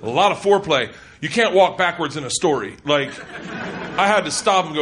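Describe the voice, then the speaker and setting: A man's voice: on the high side, lively intonation, normal speed, noisy background. Rambling, crude stand-up storyteller man. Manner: rambling, crude, self-mocking, yelling bursts. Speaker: stand-up comedian. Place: comedy club stage. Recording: live club recording with loud crowd.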